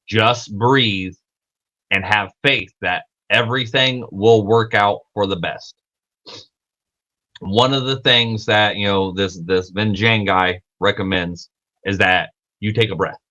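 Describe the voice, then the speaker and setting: A man's voice: fairly low pitch, unhurried, bright, forceful tone, lo-fi sound. A young man hosting a casual livestream, rambling and self-correcting, swearing freely, with lots of filler words. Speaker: podcast host.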